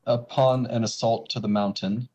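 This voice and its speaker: A man voicing a calm, measured male ninja commander in a tabletop game, speaking with hesitant pauses. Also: medium pitch, lightly acted. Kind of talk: game master voicing a character. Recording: slightly dull lo-fi audio.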